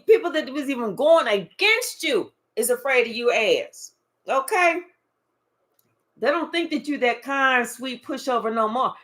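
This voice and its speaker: A woman's voice: high-pitched, lively intonation, moderate pace, a bit bright. A woman doing a tarot reading to camera, emphatic and profane, talking straight to the viewer and murmuring asides to spirit. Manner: emphatic, swearing, addresses the viewer directly. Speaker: tarot reader. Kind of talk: channeled card reading, casual and profane.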